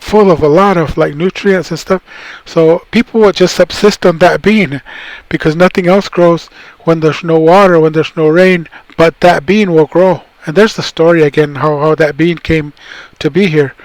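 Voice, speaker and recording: A man's voice: a little high, fairly even intonation, moderate pace, dry recording, poor audio. A middle-aged man from the Tohono O'odham Nation giving a recorded cultural presentation, rambling and restarting as he explains words. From Tohono O'odham Nation, southern Arizona.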